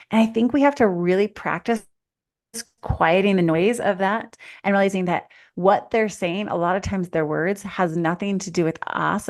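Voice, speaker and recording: A woman's voice: on the low side, vocal fry. A woman who is a life coach and co-host, giving earnest advice to parents in a casual chat. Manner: earnest, coaching, thinks aloud. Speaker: mother of teens.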